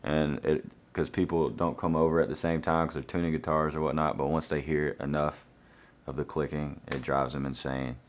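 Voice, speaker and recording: A man's voice: rumbling low, little pitch movement, moderate pace, a little hiss or hum. A young man, reading out fan questions and answering them in an easygoing, laid-back way.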